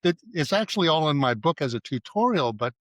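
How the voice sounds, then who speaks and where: A man's voice: a little high, big pitch swings, fairly quick, fairly bright tone, dry recording. A middle-aged man, an advertising writer, telling stories in a casual interview and acting out bits of dialogue. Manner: anecdotal, acts out dialogue in quotes. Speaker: guest, advertising writer and creative director.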